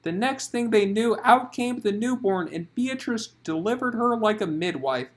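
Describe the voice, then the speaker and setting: Man narrator, high voice, dramatic comic audiobook reading. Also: lively intonation, moderate pace.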